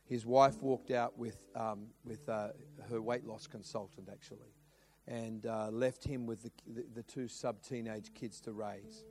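Pastor telling a story in a sermon. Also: male voice, mid-range voice, measured pace. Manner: animated storytelling with many restarts and acted quotes.

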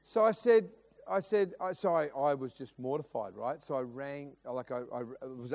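A man's voice: mid-range voice, gravelly, darkish tone. A middle-aged man preaching a sermon, telling a story with lots of restarts and acted-out quotes. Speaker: pastor.

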